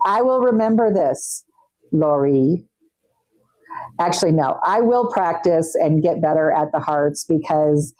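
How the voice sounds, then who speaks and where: A woman's voice: lowish voice, mellow, no room sound, rough recording. A woman chatting casually with her viewers on a live stream while doing her nails, teasing them as she works, on a wireless mic. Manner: chatty, teasing, talks to chat while working. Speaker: nail artist streamer.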